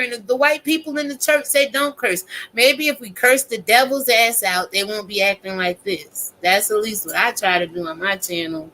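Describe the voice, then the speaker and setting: A woman's voice: on the high side, moderate pace, hardly any pauses, sharp tone, a little hiss or hum, poor audio. A woman content creator ranting casually to her viewers, blunt, profane and preachy.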